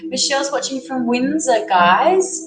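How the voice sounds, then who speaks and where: A woman's voice: high-pitched, lively intonation, a little slow, a crowd in the background. An Australian woman with a cold hosts a casual livestream, greeting viewers by name and reading their comments aloud. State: has a cold. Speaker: livestream host, tarot reader. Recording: echoey room with music playing. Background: music.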